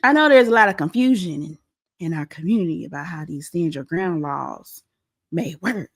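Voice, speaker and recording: A woman with a slightly low voice hosts a casual pop-culture commentary show. She is animated and opinionated, speaking straight to her audience as she reacts to a clip. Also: moderate pace.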